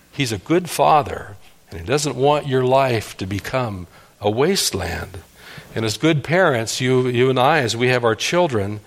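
Earnest pastor preaching with pleading intensity. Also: male voice. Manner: earnest, pleading, rising to emphatic cries and dropping to hushed lows. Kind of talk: sermon.

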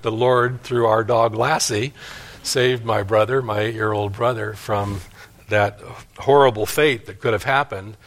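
A man's voice: mid-range voice, fairly bright tone. An older man, a pastor, preaching a sermon and telling a folksy story from his childhood.

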